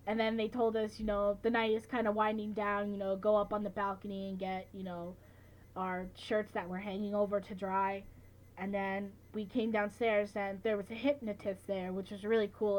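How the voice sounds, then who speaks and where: A woman's voice: medium pitch, slight background noise, poor audio. A teenage girl recapping events in a casual vlog, chatty and full of filler words like "like" and "you know". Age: late teens. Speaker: vlogger.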